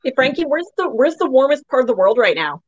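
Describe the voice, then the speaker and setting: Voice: sits high, very animated, quick pace, no echo. Chatty co-host explaining things, dull sound. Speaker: podcast co-host. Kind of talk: casual chat.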